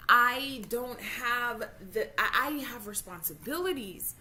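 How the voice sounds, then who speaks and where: Speaking slowly in a fairly high, bright, pushed voice, a thirtysomething vlogger from Jamaica vents frankly about what's upsetting her. She's heated and frustrated, curses openly, and stumbles on her words in the emotional rant.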